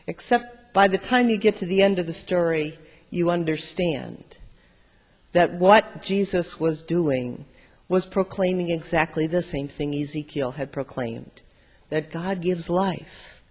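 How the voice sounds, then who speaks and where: A middle-aged man preaches a sermon, storytelling and shifting between loud bursts and quiet moments. His voice sits fairly high for a man. A long reverb from the large sanctuary follows each phrase. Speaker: pastor.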